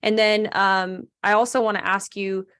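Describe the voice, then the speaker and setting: A woman hosts a podcast and puts her questions to a guest. She affirms what she hears, then strings several questions together. Her voice sits at a middle pitch. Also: flat delivery, normal speed, clean tone. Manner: warm affirming, rambling multi-part questions. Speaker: podcast host. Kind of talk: interview questions.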